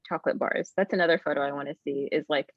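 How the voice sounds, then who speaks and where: A woman's voice: sits low, steady tone, quick pace, no room sound. A woman chats as a talk show guest over a video call. She giggles easily and sounds a bit flustered. The audio is dry and slightly dull. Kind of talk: casual chat.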